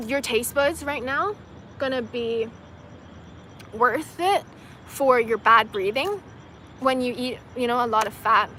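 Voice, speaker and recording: A woman's voice: a little high, fairly bright tone, a little hiss or hum. Chatty young woman on an outdoor livestream. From China. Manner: chatty, fills with "like" and "you know", laughs often. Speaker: livestream host answering viewer comments. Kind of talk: casual chat.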